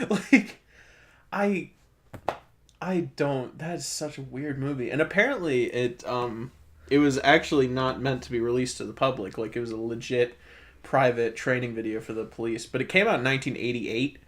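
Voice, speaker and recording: A man's voice: medium pitch, moderate pace, slight background noise. A young man, co-hosting a casual podcast and laughing often as he retells scenes. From Wisconsin, USA. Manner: laughs often, lively retelling with quoted voices. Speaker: podcast co-host.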